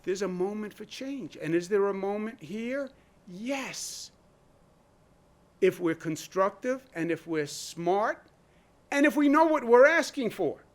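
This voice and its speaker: New governor guy, 60s, higher-pitched voice, punchy short lines, lots of rhetorical questions. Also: lively intonation, moderate pace. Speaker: state governor at a press briefing. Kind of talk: impassioned political speech.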